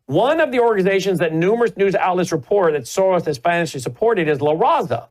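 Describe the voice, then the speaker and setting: An animated male talk show host whose voice swings widely up and down. He speaks emphatically and breaks into laughter easily. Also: high voice, fast talker, few pauses.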